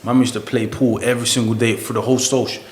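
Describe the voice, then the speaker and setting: Quick slangy man, echoey. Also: mid-range voice, little pitch movement, darkish tone. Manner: quick agreeing interjections, slangy. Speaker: podcast guest. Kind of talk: casual chat. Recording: echoey room.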